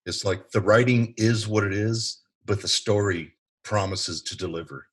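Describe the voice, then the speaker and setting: A man who is a veteran writer, a guest talking in an animated, emphatic way on a casual podcast. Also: on the low side, normal speed, husky.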